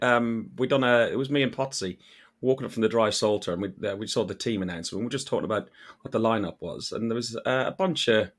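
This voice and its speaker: A man from Ireland hosting a casual podcast chat, talking in a chatty way and often repeating words as he starts a sentence. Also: fairly low pitch. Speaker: podcast host.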